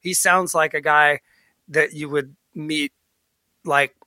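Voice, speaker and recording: A bright, tense-toned American man with a fairly high voice talks football as a podcast co-host. He rambles in an animated way and keeps checking in with his listener, recorded close and dry. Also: slow pace, dry recording. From United States. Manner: animated, rambling, frequent "you know what I mean". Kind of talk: casual chat.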